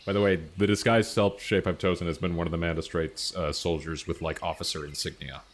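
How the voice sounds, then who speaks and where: A man's voice: low-pitched, fairly even intonation, brisk, slight background noise. A man playing a tabletop game, talking in a laid-back way. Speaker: player. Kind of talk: casual tabletop game chat.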